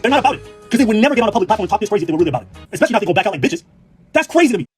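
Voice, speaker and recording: A man's voice: sits high, big pitch swings, racing, faint music behind. A man ranting in a clip, brash and mocking, heated and full of laughter. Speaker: online commentator. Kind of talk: profane reaction rant.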